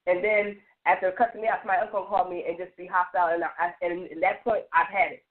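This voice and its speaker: A woman on a radio panel, telling stories with lively restarts and lots of "like". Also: lowish voice, quick pace. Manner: animated storytelling with many restarts and repeated "like". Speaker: roundtable panelist. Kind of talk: casual radio panel chat. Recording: tinny phone-line sound.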